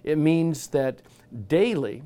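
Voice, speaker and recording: A man giving an informal Bible teaching talk, conversational, getting animated when he acts out the disciples. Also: a little high, slow pace, clear, resonant tone.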